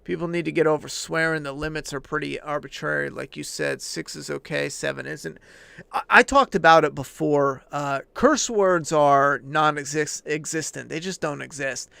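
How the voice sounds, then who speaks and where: High gravelly-voiced man ranting. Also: moderate pace, dry recording. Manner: heavy swearing, emphatic and animated. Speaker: livestream host answering chat. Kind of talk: casual profane rant.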